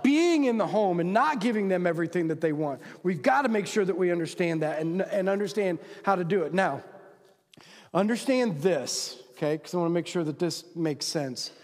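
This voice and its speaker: A man preaching a sermon to men, casual and conversational, throwing rhetorical questions to the crowd and acting out quoted voices. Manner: acts out quoted voices with big pitch swings. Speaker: pastor. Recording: long hall reverb.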